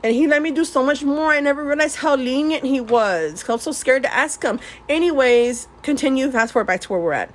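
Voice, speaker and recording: A woman's voice: high voice, animated, brisk, few pauses. A woman telling her life story in a casual vlog, rambling, laughing often, swearing and dropping in Spanish words. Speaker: vlogger. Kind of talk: casual storytelling while swatching paints.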